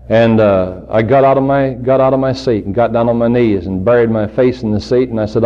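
A man preaching a sermon to his congregation, telling his own story in an earnest voice that climbs to fervent emphasis and sinks low again. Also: a little fast, hardly any pauses, muffled recording.

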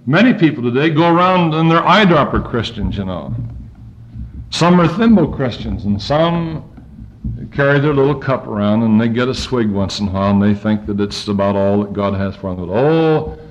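A man preaching a sermon, reading scripture aloud and swinging his pitch and volume up and down as he goes. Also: animated, normal speed, a little hiss or hum. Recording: dull lo-fi recording.

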